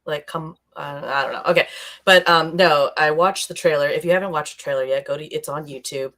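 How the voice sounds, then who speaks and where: A woman's voice: low voice, fairly even intonation, fairly quick, fairly bright tone. A woman co-hosting a podcast in casual, rambling chat, laughing often as she talks. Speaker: podcast co-host. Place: streaming live.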